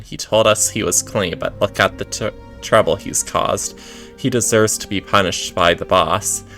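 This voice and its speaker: A man's voice: on the low side, gravelly, sharp tone, exaggerated voice. A man reading the lines of a boastful, gossipy male mafia cat.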